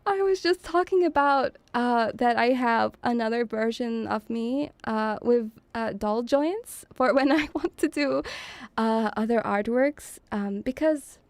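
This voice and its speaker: A young woman from Eastern Europe chats on a live stream with a high, bright voice and an unhurried pace. She teases and giggles, calling her viewers darling. The sound is close and dry. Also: no room sound. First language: an Eastern European language. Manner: bubbly and teasing, giggles often, calls viewers darling. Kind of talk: casual live-stream chat.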